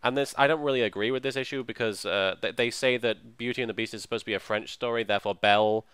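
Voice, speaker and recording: A man with a bright, clear voice recapping a TV show with friends. He rambles a little, hedges, and restarts his sentences as he works through a thought. The sound is close and dry. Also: mid-range voice, fairly even intonation, quick pace, no room sound. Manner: chatty, hedging, restarts often. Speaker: podcast co-host. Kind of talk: casual TV recap chat.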